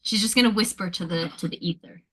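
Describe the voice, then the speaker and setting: Woman tabletop player with a bright, sharp voice, excitable and chatty. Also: mid-range voice, fast talker, husky. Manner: chatty, excitable, full of likes. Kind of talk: describing her character's actions in a tabletop game.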